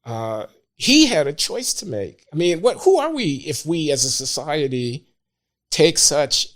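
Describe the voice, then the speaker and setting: An older man, a podcast guest, speaking in a measured, emphatic way with hesitant pauses. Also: a little high, sing-song, a bit bright. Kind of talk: opinionated talk.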